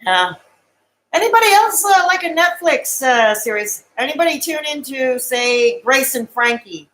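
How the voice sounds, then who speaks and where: A woman's voice: high-pitched, big pitch swings, moderate pace, fairly bright tone, slight background noise, rough recording. Giggly woman chatting on a live stream. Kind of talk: casual chat reading live comments.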